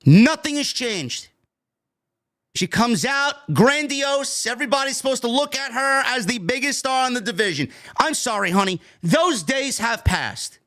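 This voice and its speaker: New york guy ranting hard about wrestling, high voice that swings all over, swears a lot. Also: very animated, slow, sharp tone. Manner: heated, profane, repetitive ranting. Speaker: wrestling show reviewer. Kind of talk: ranting commentary.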